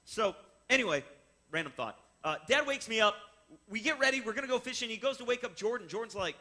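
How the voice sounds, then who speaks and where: This man's voice is very high-pitched and he talks fast, recounting a fishing experience of his own for listeners. Animated throughout, he goes step by step and acts out everyone's voices.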